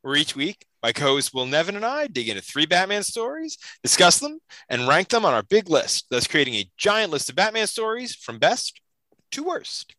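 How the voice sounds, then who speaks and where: Man, podcast host, casual chat, animated storytelling, bright tone, very lively pitch. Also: normal speed, no echo, poor audio.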